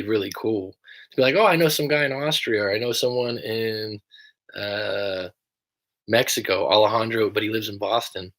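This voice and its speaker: A young American man who coaches people through breakups chats casually on a livestream, rambling and swearing now and then. His voice is lowish with a fairly bright tone.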